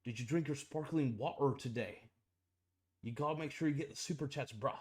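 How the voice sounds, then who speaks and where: A man's voice: medium pitch, fairly quick, pitched above the performer's own voice, natural voice. A man voicing a pushy, hustle-obsessed male producer in a hammy mock British accent, nagging in slang.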